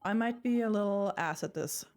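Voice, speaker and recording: A young woman live-streaming a game, talking casually at a medium pitch. She is chatty and excitable and swears freely as she plays, with faint music behind her. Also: normal speed. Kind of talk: casual live-stream chat while gaming.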